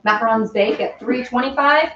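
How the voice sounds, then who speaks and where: A woman's voice: fairly high pitch, normal speed, fairly bright tone, lo-fi sound, a little hiss or hum. A woman hosting a casual baking livestream from her home kitchen, chatting bubbly with viewers and reading their comments. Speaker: baking livestream host and singer.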